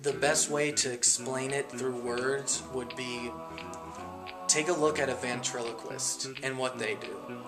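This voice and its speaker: Slow-talking man narrating over music. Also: mid-range voice. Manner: relaxed explanatory, with fillers and pauses. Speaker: amateur impressionist. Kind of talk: documentary narration. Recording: documentary draft with music behind.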